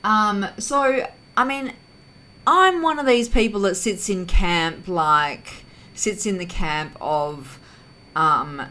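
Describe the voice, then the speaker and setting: A woman hosting her own vlog, talking through her thoughts in a rambling, casual way, often correcting herself and filling pauses. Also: mid-range voice, sharp tone, low-quality recording. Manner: rambling, self-correcting, heavy use of fillers. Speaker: vlog host. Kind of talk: casual reflective monologue.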